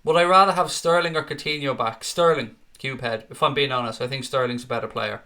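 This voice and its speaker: A young man hosting a live fan watchalong, calling play and answering viewer comments in an excitable, sweary, bantering way. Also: mid-range voice, fast talker.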